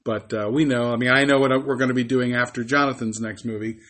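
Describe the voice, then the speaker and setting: A man's voice: mid-range voice, steady tone, fast talker, a bit bright. A man co-hosting a podcast, joking in easygoing casual banter. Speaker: podcast co-host. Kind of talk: casual chat.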